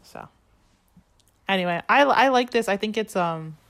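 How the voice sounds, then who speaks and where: A woman's voice: mid-range voice, animated, a little fast, fairly bright tone. A woman co-hosting a casual podcast chat, animatedly retelling a story and acting out the quoted lines. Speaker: podcast co-host. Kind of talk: casual chat recapping a musical.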